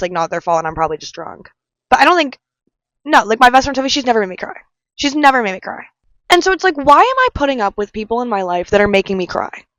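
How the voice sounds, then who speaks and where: A woman's voice: mid-range voice, fairly bright tone, dry recording. Chatty young woman vlogger, dry close sound. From Chicago. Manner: rambling, emphatic, repeats herself. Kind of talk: casual vlog monologue. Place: aquarium visit, handheld vlog.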